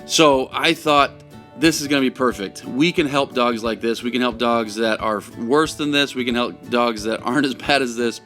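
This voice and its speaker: A man working as a dog trainer, explaining his training method in an energetic, chatty way with plenty of fillers. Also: medium pitch, normal speed. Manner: energetic and explanatory, lots of "you know" and "like". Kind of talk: instructional walkthrough. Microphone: camera following him while he works. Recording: distant mic with music behind.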